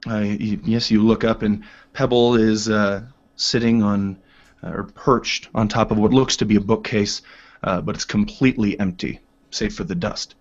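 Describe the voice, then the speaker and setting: A man narrating a tabletop game as game master, relaxed and full of ums and uhs. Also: fairly low pitch, moderate pace. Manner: relaxed, filler-heavy narration. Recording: dull lo-fi home recording.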